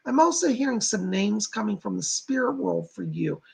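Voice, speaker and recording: Man, deeply gravelly, husky, psychic medium on a livestream, halting reassuring delivery. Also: lively intonation, a little mellow. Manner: halting, reassuring, addresses viewers directly.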